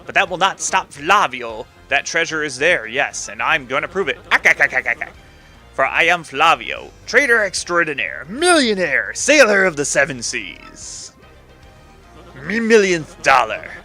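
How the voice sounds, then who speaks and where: Guy putting on a loud gruff pompous sea captain, big showy growl, bragging about himself, bright edgy tone, little tune playing softly behind. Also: a little high, big pitch swings, unhurried, faint music behind, full character voice. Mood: boastful. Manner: bad gravelly cartoon-crab-like growl, theatrical. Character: pompous boastful male sailor-merchant, gruff. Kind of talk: reading game dialogue aloud in a voice.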